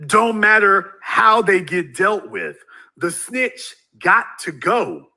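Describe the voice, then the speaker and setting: A man's voice: sits high, expressive, takes it slowly, bright, forceful tone. A man giving a ranting commentary monologue in a preachy way, firing rhetorical questions at his viewers. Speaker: YouTube commentator.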